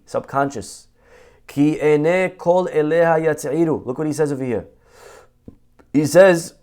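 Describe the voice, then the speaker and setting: A man's voice: medium pitch, a little mellow. A man, a rabbi, giving a conversational Torah class, asking rhetorical questions and quoting Hebrew texts. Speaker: rabbi teaching.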